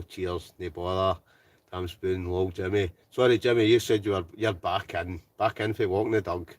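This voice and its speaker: A man's voice: low voice, distant mic, a little hiss or hum. A Scottish man hosting a live stream from inside a hot tent, chatting casually and reading out viewer comments, often ending lines with "right?". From Scotland. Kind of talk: casual live-chat banter.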